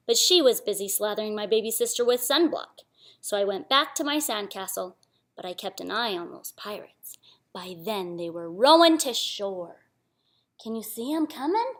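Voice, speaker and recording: A woman reading a picture book aloud to children, sing-song and animated, often dropping to a whisper. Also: mid-range voice, moderate pace, long pauses. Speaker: storytime reader.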